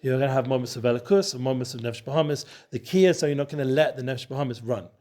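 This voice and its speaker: A man's voice: medium pitch, rapid-fire, darkish tone. A man teaching a Torah study session and hosting the show, talking loosely with many restarts and mixing in Hebrew and Yiddish terms.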